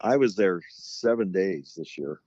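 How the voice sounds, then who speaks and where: A man's voice: deep voice, lively intonation, measured pace, mellow, no echo, dull audio. A middle-aged man and former hockey coach, chatting casually and telling long stories with lots of fillers. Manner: rambling storyteller with many fillers. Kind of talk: casual chat.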